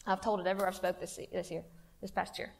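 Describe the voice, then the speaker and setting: A woman's voice: on the low side, level tone, fast talker, vocal fry. A woman telling a funny personal story to a women's church conference, in a folksy, self-mocking way. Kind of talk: humorous personal testimony talk. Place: church hall. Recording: long hall reverb.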